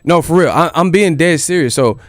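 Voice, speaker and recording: A man's voice: on the high side, fairly quick, no room sound, clean studio sound, soft background music. A man hosting a boxing news channel in casual commentary, joking and incredulous, with plenty of swearing. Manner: incredulous, joking, profane rant.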